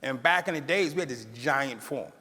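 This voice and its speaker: A man's voice: mid-range voice, moderate pace. A middle-aged man telling a personal story to an audience, acting out the people in it and laughing at his own lines. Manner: animated, acts out quoted voices. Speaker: keynote speaker. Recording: long hall reverb.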